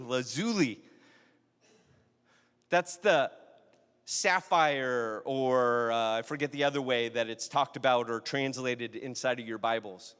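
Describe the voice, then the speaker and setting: A man's voice: fairly high pitch, fairly bright tone, big-room sound. A man preaching a sermon in a conversational, storytelling way, often asking the audience questions. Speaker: pastor.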